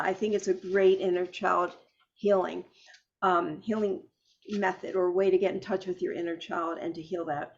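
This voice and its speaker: A woman hosting a podcast interview with a mid-range voice. She speaks in a thoughtful, personal way that is slightly halting. The audio sounds dull and a little lo-fi. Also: mid-range voice. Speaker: podcast host. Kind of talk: reflective interview talk.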